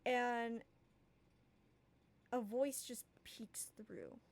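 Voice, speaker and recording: A woman's voice: a little high, drawn-out words, vocal fry. A woman narrating a tabletop game as game master, hesitant with many fillers.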